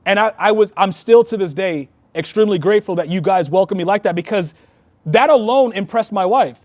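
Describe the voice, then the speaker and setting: A man talks in a high, bright register, earnest and heartfelt as he tells stories in a casual sit-down chat. He speaks as a longtime Freemason and past master. The sound is dry, with no room echo. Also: fairly quick. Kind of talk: casual conversation.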